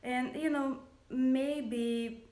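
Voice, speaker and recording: A woman's voice: sits high, fairly even intonation, extremely slow, dark tone. A woman in her thirties with a Russian accent, a business founder speaking earnestly and hesitantly in a personal livestream, with many fillers. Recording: roomy echo.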